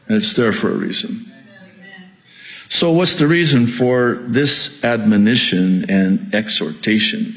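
A man's voice: lowish voice, rough recording. A middle-aged male pastor preaching a sermon, exhorting and repeating his key points, with jokes at his own expense.

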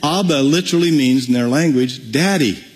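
A man preaching a sermon, telling stories in an animated way and acting out the voices. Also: a little high, moderate pace, slightly rough, in a large hall, rough recording. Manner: animated storytelling, acts out voices.

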